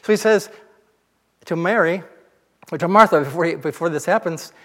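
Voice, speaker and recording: A man's voice: on the high side, normal speed, a bit bright, in a large hall. A male pastor giving a sermon, retelling scripture as a casual, conversational story.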